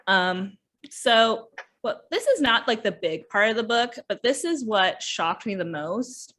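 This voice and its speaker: A woman hosts a relaxed book review chat. She talks freely and often drops into quoted lines from the characters as she tells the plot. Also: a little high, a little slow. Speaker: podcast host reviewing books.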